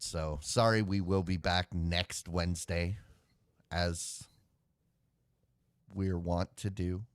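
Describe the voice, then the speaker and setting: A man's voice: low-pitched, lively intonation, slow pace, a bit bright, clear, resonant tone, no echo, studio quality. A man co-hosting a live web show, chatting casually and rambling with sighs and filler words. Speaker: podcast co-host. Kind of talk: casual chat.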